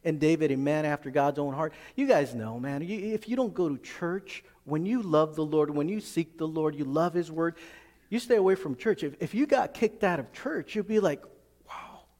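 A man's voice: a little high, animated, moderate pace, a little mellow, in a large hall. A man preaching a sermon as pastor, reading scripture aloud and explaining it in plain, earnest words.

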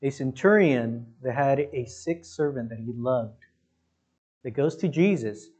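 An expressive pastor with a medium-pitched, slightly rough, somewhat mellow voice delivers a sermon unhurriedly. He speaks emphatically and conversationally straight to his congregation, often saying "listen" and "guys."

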